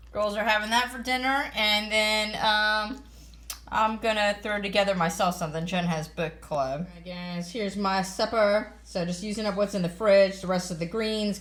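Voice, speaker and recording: A woman with a mid-range, fairly bright voice chats about her family's meals for a cooking vlog. She's easygoing and full of fillers, recording at home and partly outside.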